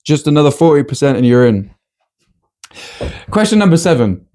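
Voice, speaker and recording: Male podcast host, casual chat, teasing deadpan quiz-master, lively swooping pitch. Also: moderate pace.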